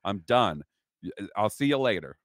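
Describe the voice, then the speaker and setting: A man's voice: on the low side, big pitch swings, normal speed, dry recording, clean studio sound. A man co-hosting a podcast, casually and laughingly commenting on old TV footage. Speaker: podcast co-host. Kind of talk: casual chat.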